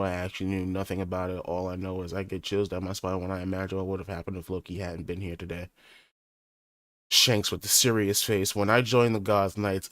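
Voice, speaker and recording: A young man reading a manga chapter aloud in a flat mutter. He breaks off with slangy, profane asides as he reacts. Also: on the low side, dry recording, studio quality. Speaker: manga reaction channel host.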